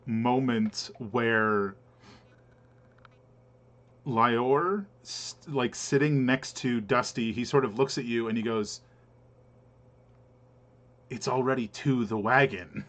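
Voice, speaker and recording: Slow, hesitant man game master. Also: mid-range voice. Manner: hesitant, many filler pauses while explaining rules. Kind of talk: running an online tabletop game.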